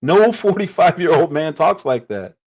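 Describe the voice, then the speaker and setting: A man's voice: fairly high pitch, big pitch swings, moderate pace, a little mellow. A man in his forties giving critical, exasperated commentary on clips during a livestream.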